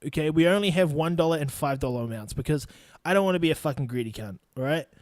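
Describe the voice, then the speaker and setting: Fast and fairly high-pitched, a New Zealand-accented man in his twenties rants on his solo podcast, swearing heavily and pulling no punches. His studio microphone picks up no echo.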